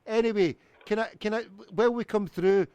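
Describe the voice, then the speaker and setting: A man making a prank phone call, rambling in a mock-pompous, deadpan way. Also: high-pitched, fairly quick, smooth, no echo. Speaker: prank caller.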